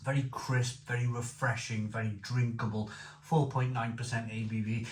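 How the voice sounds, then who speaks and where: A man talks through a beer tasting, eager and rambling, often circling back to repeat a phrase. His voice sits at an ordinary middle pitch. The room around him is echoey, with a faint hiss of background noise. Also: little pitch movement, moderate pace. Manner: enthusiastic, repetitive, rambling. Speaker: beer reviewer. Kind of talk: casual beer review.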